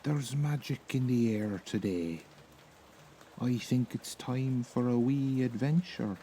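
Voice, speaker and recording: An Irish man voicing a kindly old druid in a soft, lilting brogue in a storybook. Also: medium pitch, slow, a little hiss or hum, natural voice. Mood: gentle. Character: kindly old male druid, gentle and eager.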